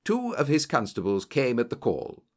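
A man's voice: medium pitch, huge pitch swings, normal speed. A man narrating a story aloud, telling it with varied character voices. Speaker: audiobook narrator. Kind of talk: scripted narration.

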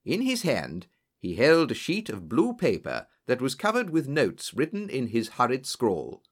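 A man's voice: mid-range voice, unhurried, husky. A man narrating a storybook, reading expressively and acting out the dialogue. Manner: expressive, voices characters in dialogue. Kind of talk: audiobook narration.

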